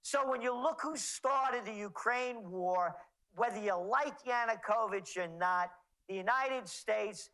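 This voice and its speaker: A male guest commentator with a fairly high voice who speaks at an unhurried pace, mocking his targets with heavy sarcasm and ticking off names one by one. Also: fairly bright tone, poor audio. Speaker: guest, trends forecaster. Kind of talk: interview commentary.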